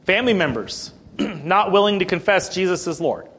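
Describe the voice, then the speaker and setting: A man with a fairly high voice preaches a sermon. He reads a passage aloud, then talks it through in plain words. He clears his throat often and keeps asking his listeners "okay?". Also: animated, moderate pace, fairly bright tone. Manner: checks in with listeners, "Okay?" and "Amen?".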